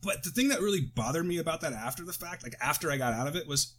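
A man's voice: on the high side, animated, very fast, a bit bright. An American man casually chatting on a podcast, rambling off on tangents and interrupting himself, close to the mic. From United States. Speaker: podcast co-host. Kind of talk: casual chat.

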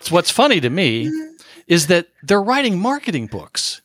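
Lively podcast host with an expressive voice. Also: male voice, high-pitched, moderate pace, no echo, clean studio sound. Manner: animated, laughs often, self-deprecating asides. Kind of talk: podcast interview, asking questions.

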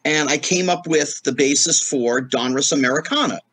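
A man's voice: on the high side, moderate pace, husky. A middle-aged man, a guest in a casual interview, telling stories and acting out the voices of the people in them. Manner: animated storyteller acting out quoted voices.

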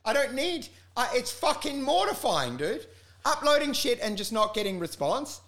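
High, animated man ranting. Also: normal speed. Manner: animated, crude, ranting with acted-out quotes. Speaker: comedian podcast co-host. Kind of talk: casual comedy podcast chat.

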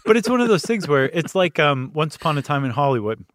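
A man's voice: a little high, sing-song, fast, no room sound, studio quality. A man co-hosting a podcast, giving candid, self-deprecating opinions in casual movie chat. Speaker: podcast co-host.

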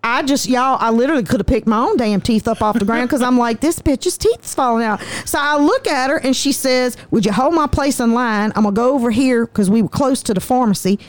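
A woman, telling stories in a lively, profane, folksy way as a guest. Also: a little high, fairly quick, few pauses, dry recording. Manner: animated, profane, folksy storyteller. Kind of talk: casual storytelling.

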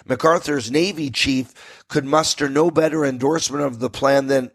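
A man's voice: medium pitch, steady tone, moderate pace, creaky. An American man hosting a radio talk show from a studio, telling history in a folksy, rambling way with asides to listeners.

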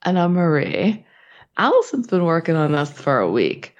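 A woman co-hosting a podcast, husky and stuffed up from a sinus infection, chatting casually, swearing and laughing often. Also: low-pitched, big pitch swings, normal speed. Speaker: podcast co-host. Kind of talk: casual chat. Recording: dull lo-fi sound.

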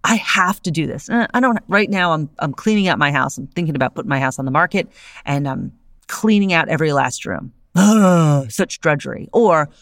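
Gravelly-voiced woman podcaster. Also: low voice, a little fast, no echo, clean studio sound. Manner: animated, conversational, often asks "right?". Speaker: podcast host. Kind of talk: solo podcast monologue on philosophy.

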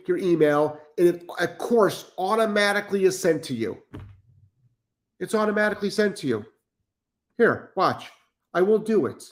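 A man's voice: high voice, expressive, normal speed, pauses often. A middle-aged man hosting a live stream as a dog trainer, blunt and profane, repeating himself for emphasis as he reads chat comments.

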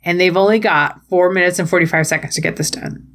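A woman's voice: on the low side, fairly even intonation, fast, fairly bright tone. Playful woman recapping wrestling. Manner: playful, jokey play-by-play with goofy put-on quotes. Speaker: podcast co-host. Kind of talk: casual wrestling recap chat.

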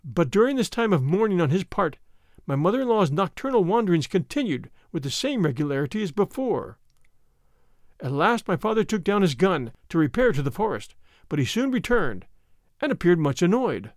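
A man narrating a first-person story in a measured, dramatic way. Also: high voice, sing-song, no echo, studio quality. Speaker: audiobook narrator.

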